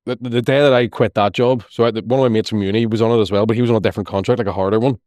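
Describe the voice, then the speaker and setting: A young man with a Northern Irish accent spins quick, animated stories as a podcast guest. He swears freely and acts out the people in his tales. The sound is close and dry, with no room around it. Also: lowish voice, no room sound. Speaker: comedian guest. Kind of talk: casual podcast chat.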